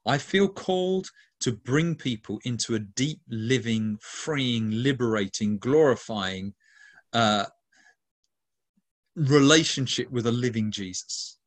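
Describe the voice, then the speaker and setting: A man of middle pitch talks about his ministry in an interview. He is earnest and emphatic, often restarts his sentences, and piles up lists of words for stress. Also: takes it slowly. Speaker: ministry leader. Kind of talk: interview answer.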